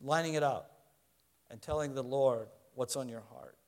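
A man's voice: medium pitch, normal speed, a little mellow. A middle-aged man preaching a sermon in an earnest, conversational way, asking the congregation questions. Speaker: pastor.

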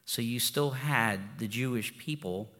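A man preaching in a relaxed, storytelling way, circling back and restarting his phrases as he goes. His voice sits at an ordinary middle pitch. A long reverb trails each phrase, as in a large hall. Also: unhurried. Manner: informal and storytelling, with frequent restarts and "you know". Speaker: pastor. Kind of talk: conversational sermon.

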